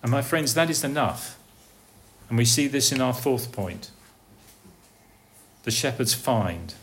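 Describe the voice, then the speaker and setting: A man preaching a sermon, asking his listeners rhetorical questions and swinging between soft, hushed lines and raised, calling ones. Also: medium pitch, expressive, measured pace.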